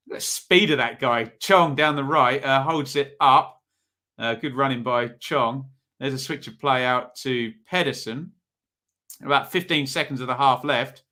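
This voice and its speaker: A mid-range male voice, pushed and bright, carries an East Anglian accent. He's the host of a live football watch-along, providing relaxed running commentary and engaging with viewers' chat messages.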